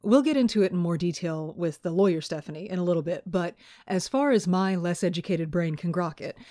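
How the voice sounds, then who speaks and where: A woman's voice: fairly low pitch, fairly quick, dark tone. A woman hosting a podcast, casual and playful, often laughing at herself. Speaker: podcast host and storyteller. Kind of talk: casual podcast chat and narration.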